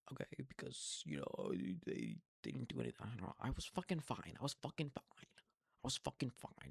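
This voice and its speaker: An eighteen-year-old man in a casual, profane, rambling monologue, full of halting restarts. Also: on the low side, creaky, darkish tone, husky, no room sound. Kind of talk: casual venting monologue to camera.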